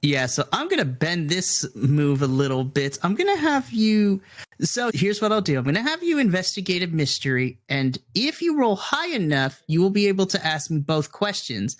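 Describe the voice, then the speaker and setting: A game master running a tabletop game, explaining rules and describing scenes, laughing often. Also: male voice, high voice, sing-song, normal speed.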